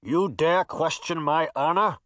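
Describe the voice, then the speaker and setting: A man's voice: fairly high pitch, expressive, measured pace, bright, forceful tone, dry recording, studio quality, exaggerated voice. A man voicing a menacing male villain knight who speaks with a muffled growl from behind a helmet. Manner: growled threats.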